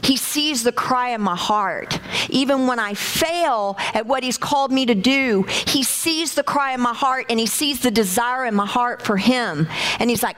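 Woman preacher, sermon, animated, fairly high voice, calls to the congregation. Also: measured pace. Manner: animated, shouts in acted bursts, talks to congregation.

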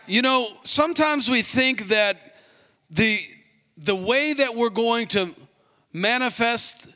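A man's voice: high-pitched, sharp tone. A man preaching a sermon, telling a story and acting out both sides of the conversation. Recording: long hall reverb.

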